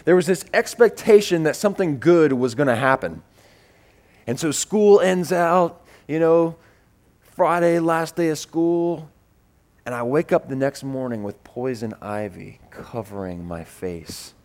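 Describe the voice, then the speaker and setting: Animated preaching man, slightly high voice. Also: unhurried. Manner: animated, repeats words as he builds; acts out voices in his stories. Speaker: pastor. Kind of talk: sermon with personal storytelling.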